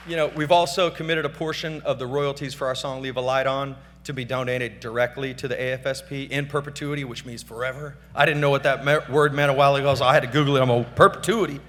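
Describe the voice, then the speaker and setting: With little pitch movement, a middle-aged award winner speaks fairly quickly in a fairly bright, mid-range voice, giving loose, slangy, unscripted thanks to family and friends on a gala stage microphone. A faint crowd can be heard, and the large banquet hall adds reverb and a slight hum.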